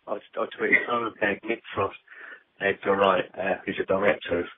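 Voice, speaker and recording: A man co-hosts a podcast in casual chat, rambling along and laughing easily. His voice is low and husky, and it comes through a thin, phone-like line. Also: steady tone, moderate pace. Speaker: podcast co-host. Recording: phone-like low-fidelity audio.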